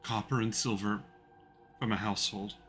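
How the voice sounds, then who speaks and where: A man's voice: on the low side, steady tone, normal speed, a bit bright, faint music behind, natural voice. A man voicing a frightened, submissive male thief held prisoner, who speaks meekly and hesitantly. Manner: meek and hesitant.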